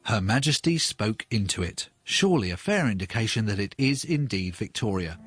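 Male narrator, husky low voice, lively delivery, dry studio sound. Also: normal speed, no echo, soft background music. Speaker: podcast presenter. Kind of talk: documentary narration.

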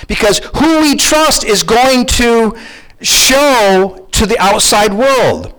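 Middle-aged guy preaching, voice sits high and swoops all over, chatty, keeps asking the crowd stuff. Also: slow, low-quality recording. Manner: animated, conversational preaching with questions to the congregation. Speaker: pastor. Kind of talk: sermon.

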